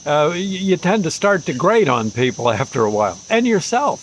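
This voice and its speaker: A man's voice: a little high, sing-song, moderate pace, a little hiss or hum, low-quality recording. 75 yr old guy rambling a story, folksy, lots of uhs, faint crickets. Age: 70s. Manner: rambling, folksy, many fillers. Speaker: vlogger. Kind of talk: casual storytelling.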